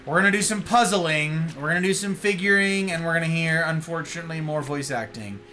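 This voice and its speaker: A man's voice: fairly high pitch, brisk, bright, forceful tone, a little hiss or hum. A man casually commentating a video game live, playful and chatty, greeting his viewers. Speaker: game streamer.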